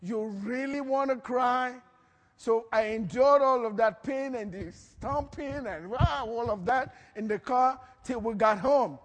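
A man preaching a sermon, telling stories with lively acted-out quotes and frequent laughter. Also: very high voice, measured pace, hardly any pauses, in a large hall. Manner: animated storytelling, acts out quotes, laughs often. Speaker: pastor.

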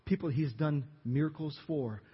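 A man preaching a sermon as pastor, telling the story dramatically and acting out the crowd's shouts. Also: a little high, moderate pace, breathy edge. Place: church sanctuary. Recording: dull reverberant church recording.

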